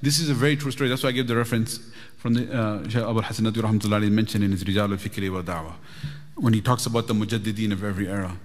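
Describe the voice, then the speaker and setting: A man's voice: fairly low pitch, racing. Chatty male teacher in a reverberant hall. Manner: lively, chatty, asks the audience "right?". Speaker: religious teacher. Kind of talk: storytelling lecture. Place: mosque hall.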